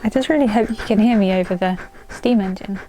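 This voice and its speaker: A woman's voice: mid-range voice, a little fast, warm tone, slight background noise. A woman casually reading viewer ghost stories aloud at home, breaking off to chat with her dog in a sing-song voice. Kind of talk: casual storytelling vlog.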